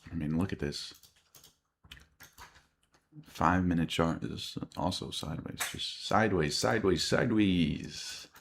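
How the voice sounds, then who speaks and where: Man, very low voice, tired, chewing gum, live trading commentary, keyboard clicks behind. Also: a little slow, gravelly, long pauses, slight background noise. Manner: muttering, thinking aloud while watching charts. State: tired, yawning. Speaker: day trader streaming live. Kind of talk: casual live-stream commentary.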